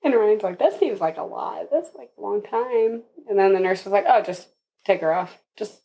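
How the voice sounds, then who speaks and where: A woman's voice: mid-range voice, lively intonation, normal speed, gravelly, warm tone. A young woman, a podcast guest, telling her birth story casually and with animation, laughing often and acting out what others said.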